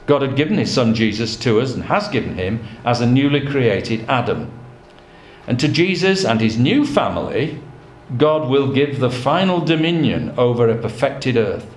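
A man preaching a sermon, earnest and measured, weaving in scripture quotations. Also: medium pitch, very animated, faint music behind. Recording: echoey room with faint background noise.

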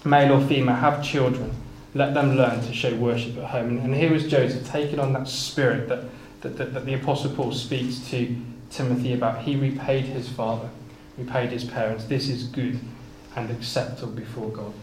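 A man of middle pitch gives a Bible sermon, reading scripture in King James wording and expounding it in plain speech. He often stumbles and repeats small words as he gathers his thoughts. The recording is roomy and echoey, with faint background noise. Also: fairly even intonation, normal speed, few pauses, a little mellow. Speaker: preacher.

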